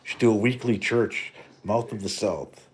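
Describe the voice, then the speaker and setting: On his live stream, a middle-aged Canadian host delivers a casual rant, joking and rambling with heavy profanity. His voice is on the low side, at a measured pace.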